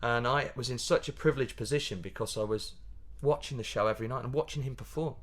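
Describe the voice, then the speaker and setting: A man, a pantomime comedian chatting as a guest in a casual interview, animated and laughing, often restarting his sentences. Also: mid-range voice, quick pace. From Yorkshire, England.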